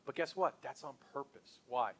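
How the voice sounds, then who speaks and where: A man's voice: mid-range voice, normal speed. A middle-aged man leading a sales training session for a group, talking in an enthusiastic, punchy, conversational way.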